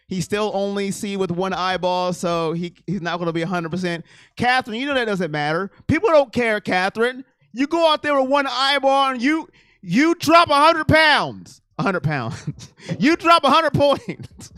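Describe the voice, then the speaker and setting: A man hosting a casual live sports stream, reading chat comments and ranting with excitement, sometimes shouting and then dropping to a mumble. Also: high-pitched, moderate pace, smooth, no room sound, clean studio sound.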